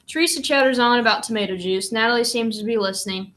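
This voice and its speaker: A woman's voice: fairly high pitch, quick pace, fairly bright tone. A woman reading chapters of a novel aloud, with brief plain asides between them. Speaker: reader and commentator.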